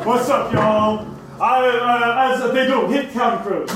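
A man's voice: extremely high pitch, a little slow, loud music behind the voice. A man playing a brash bro web show host. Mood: hyped. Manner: swaggering, slangy, hype-man delivery. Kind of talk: live comedy sketch. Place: comic book shop, live audience. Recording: echoey room from far off, noisy.

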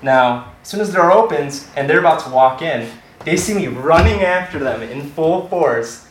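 Excitable young man telling a story. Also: on the high side, normal speed, roomy sound, slight background noise, poor audio. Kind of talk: live personal storytelling.

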